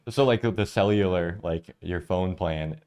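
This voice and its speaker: Deep-voiced laid-back man. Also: a little slow, a little mellow, smooth. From Minnesota, United States. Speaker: reaction video co-host. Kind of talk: casual reaction chat.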